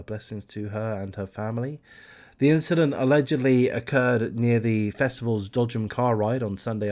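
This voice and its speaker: A man's voice: mid-range voice, darkish tone. A man reading a news article aloud and adding candid, profane commentary as a true crime YouTuber. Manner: candid, swears freely, slips into ranting asides.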